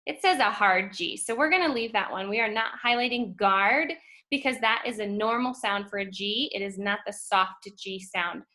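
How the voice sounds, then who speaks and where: A woman teaching a phonics lesson to first graders, speaking slowly and clearly and stretching out letter sounds. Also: medium pitch, pushed and bright. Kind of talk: phonics lesson for young children.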